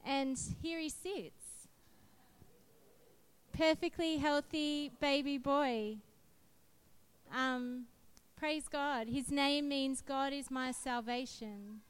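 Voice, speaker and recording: Earnest woman preaching slowly. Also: high-pitched, fairly even intonation. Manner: earnest, emphatic storytelling. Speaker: preacher sharing testimony. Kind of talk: sermon with personal testimony.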